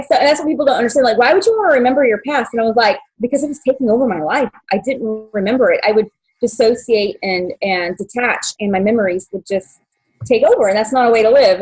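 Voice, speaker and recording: A young adult woman telling her life story as an interview guest, halting, with many fillers and restarts, at times emotional. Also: medium pitch, breathy edge, rough recording. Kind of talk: personal story in podcast interview.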